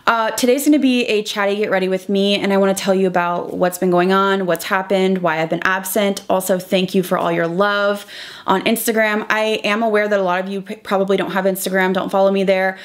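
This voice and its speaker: A young woman beauty vlogger talking through a chatty get-ready-with-me, emotional and halting, close to tears. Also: medium pitch, fairly even intonation. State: close to crying.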